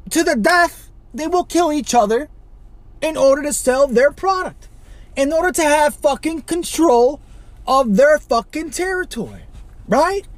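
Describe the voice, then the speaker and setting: A man from Chicago hosting a podcast, ranting alone with constant swearing, rhetorical questions and sudden loud outbursts. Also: very high-pitched, no room sound. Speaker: podcast host. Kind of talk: profane solo rant.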